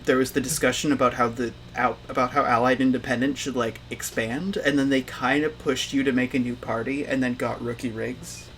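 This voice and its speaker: A man running a tabletop game in a relaxed, chatty way, peppering his narration with "like" and "uh". His pitch sits right in the middle, with a faint hiss in the background. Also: fairly quick, few pauses. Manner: casual, filler-heavy narration. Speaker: game master.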